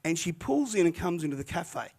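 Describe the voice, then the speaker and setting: An older man, a retired pastor, tells a story from the pulpit in a chatty, animated way. His voice sits a little high for a man, and he often restarts his sentences as he goes. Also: fairly quick. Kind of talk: sermon storytelling.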